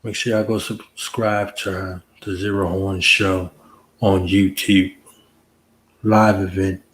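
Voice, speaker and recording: A man's voice: low-pitched, flat delivery, takes it slowly, fairly bright tone, slight background noise, rough recording. A man hosting a casual late-night livestream chat, joking around in a playful, laid-back way. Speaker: host.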